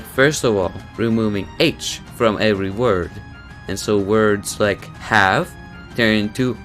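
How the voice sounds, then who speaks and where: Man, student presenter, scripted explainer, wry pauses, slow pace, lowish voice. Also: fairly bright tone. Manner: deliberate, wry, with playful pauses.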